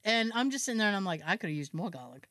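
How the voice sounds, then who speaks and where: Lively, animated woman telling a story. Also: medium pitch, rapid-fire, no room sound, clean studio sound. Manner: animated, acts out family members' lines; frequent "like" fillers and laughter. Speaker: podcast co-host. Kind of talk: casual storytelling chat.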